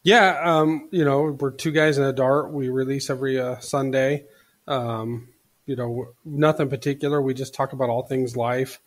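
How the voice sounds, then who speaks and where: A laid-back man speaks as a guest on a casual podcast. He sounds hesitant and easygoing and fills his talk with ums and you-knows. His voice sits in a middle pitch. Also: steady tone, normal speed.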